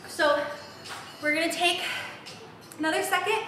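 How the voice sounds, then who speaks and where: Her pitch is extremely high and her intonation fairly even, the delivery unhurried, bright and forceful, with slight background noise. This young woman, a fitness instructor, cheers upbeat through the reps of a live workout while out of breath. She's on a large, empty home gym floor, recorded far from the mic in an echoey room.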